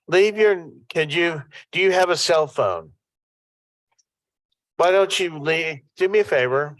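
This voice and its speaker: A man's voice: fairly high pitch, slow, long pauses, fairly bright tone, dry recording. A man, president of a town council, answering a resident in a reassuring way and often repeating himself. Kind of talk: meeting chair responding. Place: town council meeting room.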